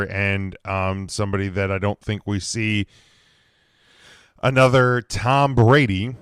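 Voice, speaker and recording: A man's voice: fairly low pitch, a bit bright, smooth, no room sound, studio quality. A man hosting a casual solo sports podcast, rambling with lots of fillers and growing emphatic, his throat slightly scratchy. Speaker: podcast host.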